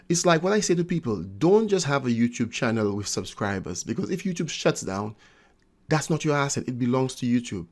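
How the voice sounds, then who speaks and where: An energetic man speaks directly to his audience about building an online business. He keeps repeating his points and leans on "you know" and "right?" as he goes. His pitch sits in a middle range for a man. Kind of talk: casual pitch to viewers.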